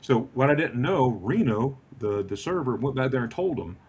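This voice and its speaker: A man's voice: moderate pace, slightly rough. A man in his fifties telling a casual travel story on a video call, acting out the dialogue as he goes. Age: 50s. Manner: animated, acts out dialogue with lively pitch swings.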